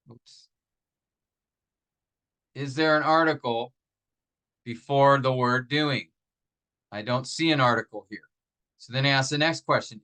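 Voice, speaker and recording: A mid-range, bright and forceful male voice comes through a low-quality recording as he leads a grammar lesson. Patient and step-by-step, he asks rhetorical questions of his class, often restarting or filling pauses, and he drags out example phrases for emphasis.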